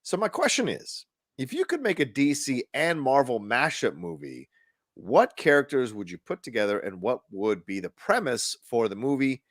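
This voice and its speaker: A man's voice: medium pitch, wildly swooping pitch, normal speed, no room sound, studio quality, pitched above the performer's own voice. A man reading out a listener's email in a put-on Irish accent, voicing an Irish male fan. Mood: cheery.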